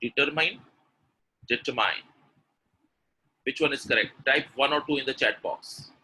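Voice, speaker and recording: Bright upbeat coach. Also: male voice, mid-range voice, fairly even intonation, fairly quick, slightly rough, poor audio. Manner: quizzing the audience, contrasting word pairs, upbeat praise. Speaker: English pronunciation coach. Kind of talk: live webinar teaching.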